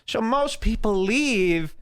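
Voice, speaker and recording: A man's voice: extremely high pitch, lively intonation, takes it slowly, fairly bright tone, clean tone. A man hosting an internet radio show with rambling commentary, mocking and scolding as he goes, while nursing a headache. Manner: mocking, scolding rants, irreverent. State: has a headache.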